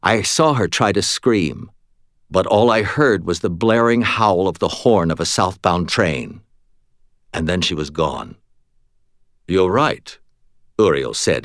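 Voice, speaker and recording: A man narrating a fantasy novel in the first person, with steady, even storytelling. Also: sits low, dry recording, studio quality. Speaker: audiobook narrator.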